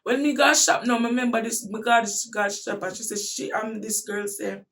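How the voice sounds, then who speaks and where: A woman with a Jamaican accent telling a personal story in casual talk, animated and breaking into shouts at tense moments. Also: fairly high pitch, normal speed, recorded from a distance.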